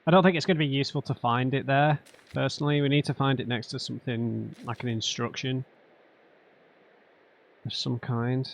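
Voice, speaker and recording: A man's voice: mid-range voice, fairly even intonation, moderate pace, gravelly, pauses often. A man doing let's play commentary, thinking aloud and muttering to himself while he works through a puzzle. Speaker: gamer.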